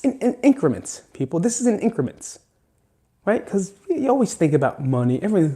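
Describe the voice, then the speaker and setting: A man's voice: high voice, sing-song, a little fast, dark tone. A man hosting a solo podcast, talking earnestly and emphatically, swearing often and close to tears. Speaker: podcast host. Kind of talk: emotional solo podcast monologue.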